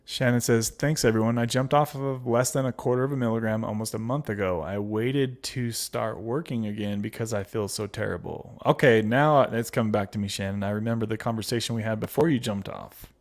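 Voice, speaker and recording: A man's voice: on the low side, fairly even intonation, brisk, hardly any pauses. A man hosting a casual livestream, reading viewer comments aloud and answering them with fillers and laughs. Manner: chatty with frequent fillers and laughs. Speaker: livestream host.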